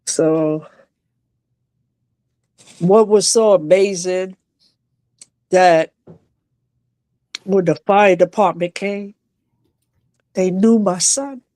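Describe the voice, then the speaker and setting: A woman on a video call from home, a guest telling an emotional personal story on a live stream, halting and restarting as she speaks. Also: lowish voice, warm tone, no room sound.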